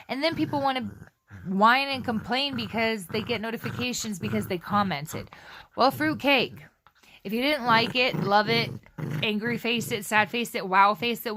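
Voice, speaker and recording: A woman's voice: a little high, fairly bright tone, slight background noise. A young woman vlogging casually at home, blunt and sarcastic as she rants. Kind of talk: casual chat.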